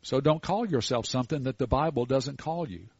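An older man preaching a sermon in a folksy, storytelling way with animated asides. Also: mid-range voice, a little fast, breathy edge, dry recording, highs cut off.

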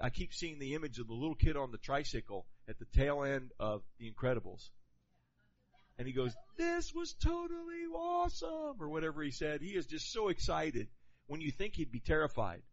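A man preaching a sermon in an animated, conversational way, asking the congregation questions. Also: medium pitch, moderate pace. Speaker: pastor. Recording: dull lo-fi sound.

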